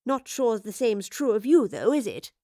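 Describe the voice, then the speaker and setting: A woman's voice: fairly high pitch, sing-song, normal speed, dark tone, dry recording, clean studio sound. A woman voicing a bold, teasing female time-travelling professor with a cheeky, fearless manner.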